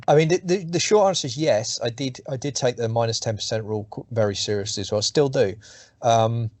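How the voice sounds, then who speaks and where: This middle-aged author speaks casually in an interview about his writing, drifting between points, swearing, and restarting sentences. His mid-range voice has a darkish tone, and there's no echo.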